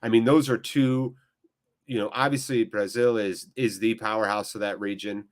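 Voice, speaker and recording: A man hosting a fan channel's live watchalong, calling the play excitedly and joking and chatting with viewers in between. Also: lowish voice, moderate pace. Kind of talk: live watchalong match commentary.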